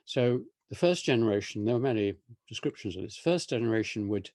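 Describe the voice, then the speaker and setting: Older English man, low and measured. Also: animated, a little mellow, no echo, clean studio sound. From England. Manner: measured, pausing, with restarts and filler words. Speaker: interviewee, historian. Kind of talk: thoughtful conversational explanation. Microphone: video call.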